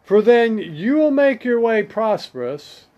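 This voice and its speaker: A man with a fairly high voice teaches scripture at an unhurried, deliberate pace, reading passages aloud and adding his own remarks. The recording is a little muffled and lo-fi. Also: sing-song. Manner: slow and deliberate, reading verses aloud with comments. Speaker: preacher.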